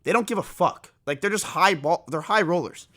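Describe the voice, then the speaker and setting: Young male streamer, high-pitched, swearing, animated storyteller. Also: moderate pace. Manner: animated, swearing, self-mocking. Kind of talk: casual storytelling to stream chat.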